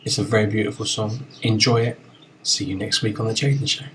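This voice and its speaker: A man hosting a chat show, talking in playful, quick-fire banter with a guest. His pitch sits in an ordinary middle range, with faint noise in the background. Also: little pitch movement, fairly bright tone, low-quality recording. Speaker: host. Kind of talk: casual chat.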